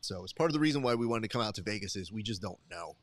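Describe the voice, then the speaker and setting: A man's voice: lowish voice, expressive, racing, no echo. A man hosting a live stream, chatting casually and jokingly with viewers while eating at his desk. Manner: rambling, joking, talks straight to the chat. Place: desk at a live event broadcast.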